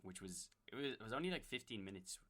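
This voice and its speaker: A young man with a Dublin accent, a guest on a podcast, telling stories in a relaxed way with plenty of fillers. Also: on the low side, quick pace. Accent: Dublin Irish. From Ireland. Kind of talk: casual chat.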